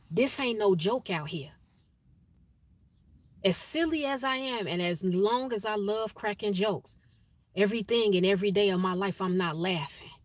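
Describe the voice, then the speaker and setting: A woman, talking straight to camera in a blunt, preachy monologue. She repeats phrases to drive each point home, at a mid pitch, recorded close and dry with no room sound. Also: no echo. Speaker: spiritual vlogger.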